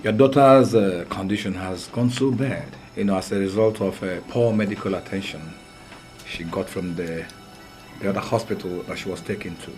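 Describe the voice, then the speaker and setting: A man's voice: low voice, normal speed, a little mellow, faint music behind, lightly acted. Male actor as a curt Nigerian doctor; firm, matter-of-fact. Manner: businesslike, firm. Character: curt hospital doctor, man. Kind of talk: Nollywood film acting.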